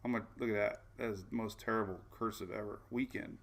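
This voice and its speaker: A man's voice: fairly low pitch, steady tone, fast talker, slight background noise. A man hosting a casual weather livestream, chatty and folksy, often repeating himself and saying "man". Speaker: weather show host.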